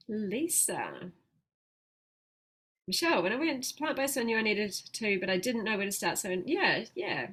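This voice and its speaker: A woman giving chatty, upbeat health coaching on a live stream, laughing often and slowing down when she explains calm breathing. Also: mid-range voice, breathy edge. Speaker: plant-based health coach.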